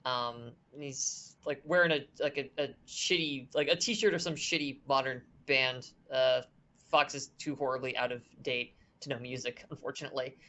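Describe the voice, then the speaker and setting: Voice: medium pitch, steady tone, moderate pace, pushed and bright. A game master narrating a horror tabletop game in a loose, chatty way with lots of fillers.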